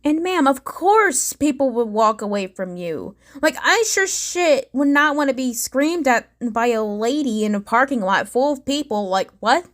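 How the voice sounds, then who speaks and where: A woman's voice: sits high, animated, measured pace, hardly any pauses. A woman hosting a reaction commentary video, chatty and sarcastic, with lots of fillers. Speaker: commentary vlogger.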